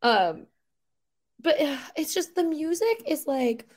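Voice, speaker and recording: A woman chatting casually on a podcast, rambling and animated, with lots of filler words and incredulous outbursts. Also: high-pitched, takes it slowly.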